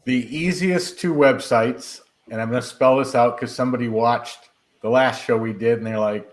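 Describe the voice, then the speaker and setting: A man guest in a casual interview, calmly and methodically spelling out details. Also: medium pitch, normal speed. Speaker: paranormal investigator guest.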